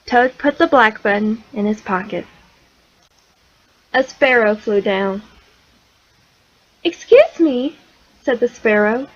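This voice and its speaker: A woman reading a children's picture book aloud in a slow, gentle storytelling way. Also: mid-range voice, highs cut off. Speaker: storybook reader.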